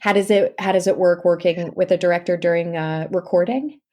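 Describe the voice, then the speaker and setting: A woman audiobook narrator, a guest in an interview, talking casually and lively, often restarting her sentences. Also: fairly low pitch, fairly quick. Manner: lively, self-interrupting storyteller.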